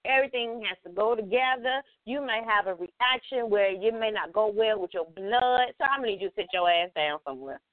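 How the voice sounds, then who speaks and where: A woman in a casual chat show, sassy and loud, laughing often. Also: mid-range voice, brisk, few pauses, dry recording. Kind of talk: casual podcast banter. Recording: tinny phone-like line.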